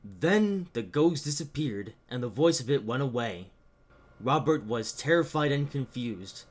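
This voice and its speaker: A man narrating a cartoon story in a plain, steady manner. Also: mid-range voice, unhurried.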